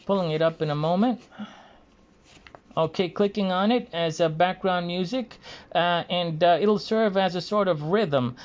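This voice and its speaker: Halting man with a dull lo-fi sound. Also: high voice, a little hiss or hum. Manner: halting, hesitant, frequent pauses. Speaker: video creator. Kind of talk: casual monologue to camera. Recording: dull lo-fi recording.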